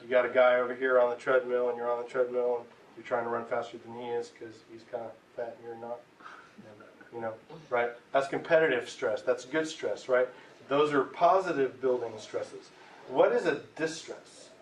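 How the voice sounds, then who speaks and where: A man teaching a class in a relaxed, chatty way, often checking in with "right?". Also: mid-range voice, moderate pace. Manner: conversational, keeps asking "right?". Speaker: tobacco cessation instructor. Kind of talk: classroom lecture. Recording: echoey room, mic far off, faint hiss.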